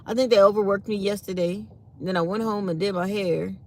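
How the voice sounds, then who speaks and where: Tired, chatty woman with a gravelly voice. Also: medium pitch, steady tone, a little fast, darkish tone, slight background noise. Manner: chatty, reads live comments aloud. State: tired and yawning. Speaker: channel host. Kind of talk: casual morning chat to viewers.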